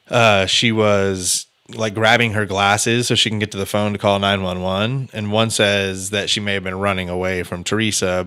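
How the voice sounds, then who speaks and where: Smooth and sharp-toned, with a voice on the low side, a man hosts a podcast where he loosely and chattily retells a true-crime case, using filler words and cursing now and then.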